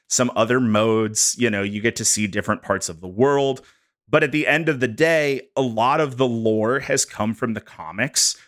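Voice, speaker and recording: A man on a podcast walking co-hosts through prepared bullet points in a jokey, animated way. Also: mid-range voice. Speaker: podcast host presenting research. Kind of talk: casual podcast chat.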